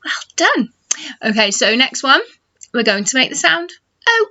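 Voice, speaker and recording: A middle-aged woman teaching phonics to young children, slow and encouraging as she models sounds for them to copy. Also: high-pitched, sing-song, sharp tone. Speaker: nursery teacher. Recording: dull lo-fi home video sound.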